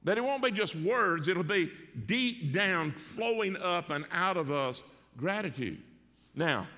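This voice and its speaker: A man's voice: on the high side, bright, forceful tone, big-room sound. A man with a Southern US accent preaching a sermon as pastor, folksy and conversational, with rhetorical questions and jokes. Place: church sanctuary.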